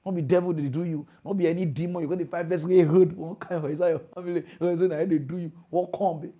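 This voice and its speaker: A man with a Nigerian Pidgin accent hosting a mock news show, delivering an animated, mocking comedic rant. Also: on the high side, quick pace, muffled recording. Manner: animated, mocking, preachy lecturing.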